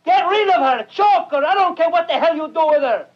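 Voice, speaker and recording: A man's voice: very high-pitched, lively intonation, a little fast. A smarmy con man on old film. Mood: callous. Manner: impatient, bossy, cold. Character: slick smarmy male con man, callous. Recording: dull lo-fi film soundtrack.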